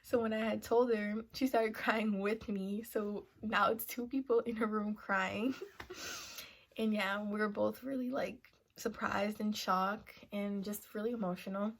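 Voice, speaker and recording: A young woman vlogger telling a personal story in a casual sit-down style, filling her talk with "like" and "you know" and sometimes dropping to a hushed half-whisper. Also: medium pitch, fairly even intonation, a little slow. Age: young adult. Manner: chatty, full of "like" and "you know" fillers. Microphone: camera mic, seated to camera.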